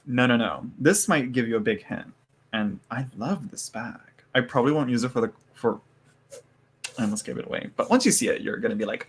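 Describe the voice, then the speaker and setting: Guy rambling thru an unboxing, lots of "you know", mid pitched voice, bit of room hiss. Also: lively intonation, a little fast. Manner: chatty, rambling, lots of fillers and laughs. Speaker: tarot reader unboxing a haul. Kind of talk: casual chat to live viewers.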